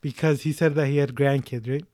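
A man's voice: mid-range voice, steady tone, fairly quick, a little mellow, dry recording. Chatty young man, dry sound. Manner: rambling, chatty storytelling with many fillers. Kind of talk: casual chat.

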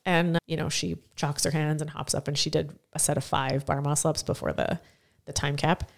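A woman co-hosting a casual podcast chat, telling animated stories from her work as a competition judge. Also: low-pitched, moderate pace, vocal fry. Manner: animated storyteller who acts out quotes.

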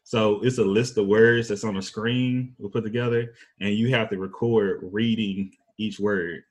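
A man with an East Texas accent hosting a casual chat, talking slowly in a laid-back drawl. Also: fairly low pitch, steady tone, slightly rough. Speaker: podcast host.

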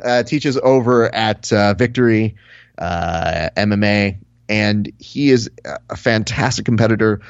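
Male podcast co-host, lively storyteller who mimics people; slightly dull lo-fi sound, dry close mic. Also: lowish voice, dry recording. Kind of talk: casual podcast chat.

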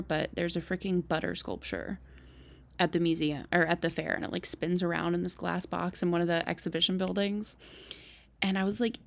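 Young woman podcast host, casual chatty recap, heavy vocal fry. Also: on the low side. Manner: chatty, lots of "like" and "um", animated asides. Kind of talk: casual solo recap chat.

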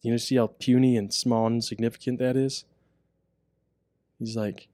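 Young male co-host, warm low voice, earnest and lively in retelling, dry close mic. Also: moderate pace, dry recording. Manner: earnest, animated when retelling. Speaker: podcast co-host. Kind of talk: casual chat.

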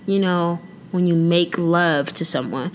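A woman's voice: fairly low pitch, measured pace, a little hiss or hum. A young woman hosting a casual solo podcast, chatting playfully with slang and now and then breaking into song. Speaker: podcast host.

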